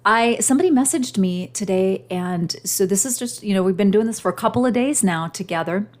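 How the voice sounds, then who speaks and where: A woman's voice: mid-range voice, a little fast, a little mellow. A middle-aged woman hosting her own podcast, telling a personal story in a heartfelt, emotional way. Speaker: podcast host.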